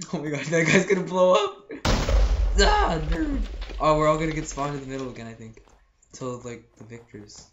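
A teenage gameplay commentator talking excitedly and yelping in panic, repeating phrases over and over. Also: medium pitch, noisy background. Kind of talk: excited let's-play commentary. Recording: echoey room with keyboard clicks.

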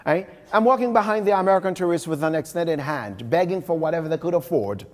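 A man from Haiti, his voice a little high, talks fast with lively intonation during a live motivational keynote. Speaking emphatically, he repeats phrases and addresses the audience directly from a large conference hall, and the recording carries the conference room's long hall reverb.

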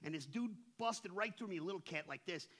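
A middle-aged male pastor preaches in a church with a bright, forceful tone and a slightly husky edge. His pitch sits somewhat high for a man. He talks like someone on the street, full of slang, and swings from near-whispers to loud passion. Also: lively intonation, a little fast. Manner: impassioned, swings from hushed to shouting. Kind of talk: sermon. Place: church sanctuary.

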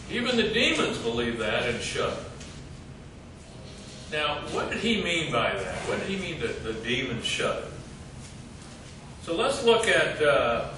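A man teaching a group Bible study in a church meeting room, halting with many fillers and quizzing his listeners. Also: on the high side, far from the mic. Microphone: distant room mic. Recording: echoey room recorded from afar, noisy.

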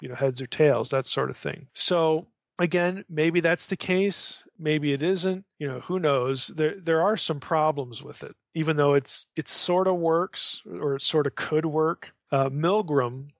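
A man's voice: a little high, unhurried, creaky, no room sound, studio quality. A man giving an informal lecture on scripture, talking conversationally, often restarting phrases and reading passages aloud. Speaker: Bible scholar lecturing.

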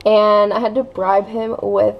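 A woman's voice: mid-range voice, flat delivery, measured pace, creaky, dull audio, slight background noise. A young woman chatting casually at home for her family vlog, rambling with lots of fillers and sometimes dropping to a whisper. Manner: rambling, many fillers, drops to a whisper at times. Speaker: family vlogger.

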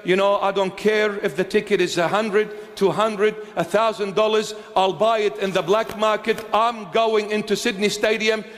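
A man's voice: sits high, steady tone, moderate pace, few pauses, a bit bright, big-room sound. A man, a bishop, preaching a sermon with emphatic, pleading repetition. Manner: emphatic, repeats phrases, pleading.

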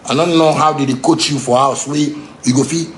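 A man with a Ghanaian Pidgin English accent ranting angrily, heated and repetitive, sometimes shouting. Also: a little high, fairly even intonation, a little fast. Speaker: musician ranting on a livestream. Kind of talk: angry unscripted rant.

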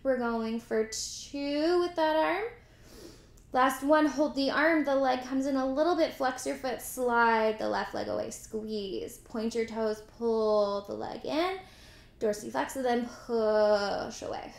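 Woman pilates instructor, bright higher voice, encouraging cues, echoey room. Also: slow pace, creaky. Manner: encouraging, counts reps aloud, chatty asides. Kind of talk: guided workout instruction.

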